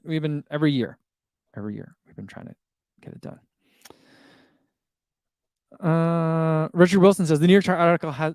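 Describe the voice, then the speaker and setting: A middle-aged man hosts a running channel's livestream, chatting casually and reading viewer comments aloud with easy laughs. His medium-pitched voice is a little mellow, on a dry, clean studio recording.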